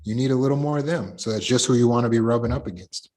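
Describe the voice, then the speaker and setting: Talking fast in a mid-range voice, a middle-aged coach leads a support group discussion on a video call. He works through examples in a lively, animated way.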